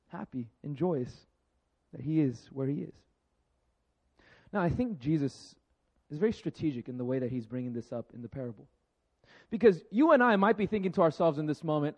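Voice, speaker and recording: Animated preacher man, muffled sound. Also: fairly high pitch. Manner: lively, conversational, laughs often, acts out quoted voices. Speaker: pastor. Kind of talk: sermon.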